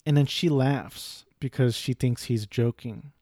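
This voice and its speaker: A young man talks through a film review in a loose, rambling way, full of restarts, side comments and casual swearing. His voice is dark and mellow and sits at an ordinary pitch. The sound is dry and close, with no room around it. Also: fairly even intonation, measured pace, no echo. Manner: rambling, profane, frequent restarts and asides.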